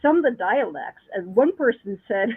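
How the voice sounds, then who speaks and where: A woman's voice: a little high, expressive, moderate pace, breathy edge, no room sound. A woman who works as a psychic medium talks casually and at length, restarting her sentences often. She comes through a thin, tinny phone line with no room sound. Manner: chatty, storytelling with many restarts and laughs. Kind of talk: casual chat.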